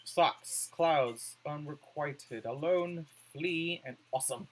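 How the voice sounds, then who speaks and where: A man's voice: fairly high pitch, takes it slowly, low-quality recording. A man doing let's play commentary, reading on-screen words aloud and musing over his choices.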